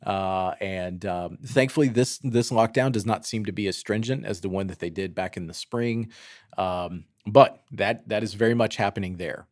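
Male co-host, low, easygoing, casual banter, dry studio sound. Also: moderate pace, no room sound. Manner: easygoing, joking, many fillers. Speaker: podcast co-host. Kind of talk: casual chat, news roundup.

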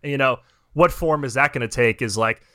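Young guy on a podcast, swears a lot, goes off on rants, bright voice, dry mic. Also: medium pitch, brisk, clean tone, no echo. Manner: ranting, profane, mocking impressions. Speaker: podcast co-host. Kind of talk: casual chat.

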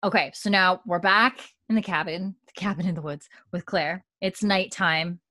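A woman's voice: fairly low pitch, moderate pace, sharp tone, dry recording. A woman recapping a TV episode in casual chat, retelling scenes in a chatty way full of "like" and "and then". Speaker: podcast co-host recapping a TV episode.

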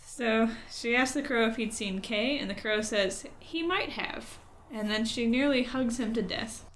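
Bright, animated woman telling a story. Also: fairly high pitch, moderate pace. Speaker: podcast co-host telling a fairy tale. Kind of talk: casual storytelling.

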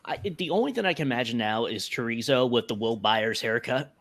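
A man's voice: mid-range voice, lively intonation, fairly quick, fairly bright tone. A man on a gaming podcast, chatting in a playful way and laughing easily. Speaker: podcast panelist. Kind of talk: casual chat.

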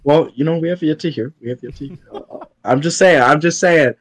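A podcast co-host in casual chat, ranting in exasperation and mock-quoting other people. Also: male voice, on the high side, a little fast, no room sound.

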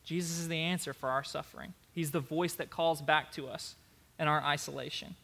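A man's voice: a little high, fairly even intonation, fairly quick, creaky, sharp tone. A man preaching a sermon as pastor, earnest and emphatic, repeating his key phrases.

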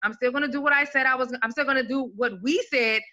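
A woman and mother in casual chat, animated and laughing, swearing freely and acting out her own reactions in quoted asides. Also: sits high, fast talker, background noise.

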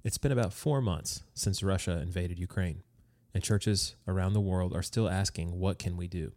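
A man's voice: deep voice, moderate pace, a little mellow, no echo. A man hosting a podcast interview in a friendly, easygoing way, from the United States. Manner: friendly, easygoing, with fillers and restarts. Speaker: podcast host.

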